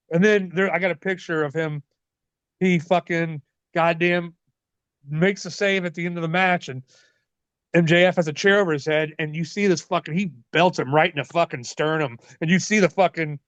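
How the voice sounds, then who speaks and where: A man in his forties, a wrestler being interviewed, telling stories in a casual, profane, animated way. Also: fairly high pitch, moderate pace, no room sound. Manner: profane, animated, laughs often. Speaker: wrestler guest. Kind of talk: casual storytelling. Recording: dull lo-fi dry sound.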